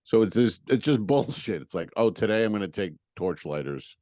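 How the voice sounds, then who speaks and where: A comedian in casual podcast talk, his voice low and recorded dry and close. He tells stories in an exasperated, profane way and acts out the people in them. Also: lively intonation, normal speed, dark tone, dry recording. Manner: profane, exasperated storytelling with acted-out quotes. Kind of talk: casual storytelling chat.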